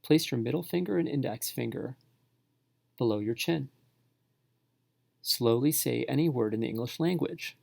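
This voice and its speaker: A male teacher narrating a spelling tutorial for parents and students, speaking slowly and sounding words out syllable by syllable. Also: mid-range voice, a little mellow, no echo. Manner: slow, clearly enunciated, sounding words out.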